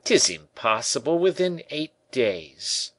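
A prickly old tailor gives curt, stubborn refusals in a slightly raised, clipped voice, as a male narrator puts him on. The reading is dry and close, with a lively swing to the pitch. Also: slow, dry recording, heavily acted.

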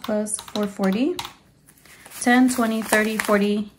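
Chatty woman with a flat, even voice. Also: mid-range voice, takes it slowly, slight background noise. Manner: chatty, rambling with fillers, counts bills aloud steadily. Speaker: budgeting vlogger. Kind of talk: casual talk to camera while counting cash.

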